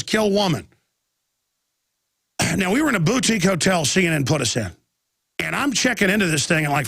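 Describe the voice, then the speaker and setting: A radio host in his thirties with a Texan accent rambles through a long story, piling up restarts and acting out other people's lines. His voice sits high for a man and is gravelly. The sound is dry and close. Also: fairly bright tone, no echo. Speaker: radio talk show host. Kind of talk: live talk radio monologue.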